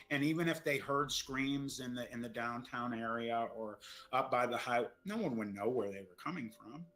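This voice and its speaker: A man's voice: mid-range voice, fairly bright tone, rough recording. A middle-aged man telling a frightening story, shaken and stammering, repeating his words as he goes. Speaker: storyteller recounting an encounter. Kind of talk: emotional first-person storytelling.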